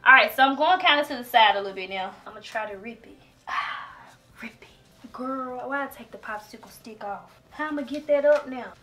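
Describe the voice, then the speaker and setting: A woman's voice: sits high, fairly quick, pushed and bright. A woman talking casually in a home vlog, dramatic and laughing, often crying out that she is scared. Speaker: vlogger.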